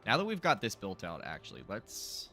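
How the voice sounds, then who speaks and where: A man's voice: on the low side, huge pitch swings, normal speed, soft background music. A young man streaming a building game, casually thinking aloud and mumbling to himself as he works. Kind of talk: casual live gameplay commentary.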